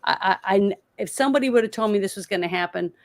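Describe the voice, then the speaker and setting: A woman's voice: medium pitch, no room sound. A woman co-hosting a political podcast, ranting in heated, swearing bursts. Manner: fired-up, swearing, rapid bursts of anger. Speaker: co-host.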